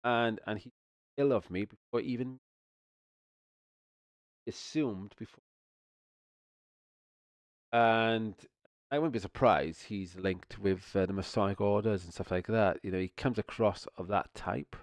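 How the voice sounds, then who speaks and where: A man talks in a low voice, ranting loosely to his viewers in a casual stream. He rambles, swears, and keeps breaking off to restart his sentences. The sound is dry and close, with no room echo. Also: measured pace, pauses often. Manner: rambling, swears, stumbles and restarts, repeats "you know what I mean".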